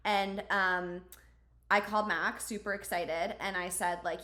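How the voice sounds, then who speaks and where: A woman's voice: medium pitch, fairly even intonation, a little slow, bright, forceful tone. Woman podcast host, casual and chatty, lots of fillers, echoey room. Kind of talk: casual conversational storytelling.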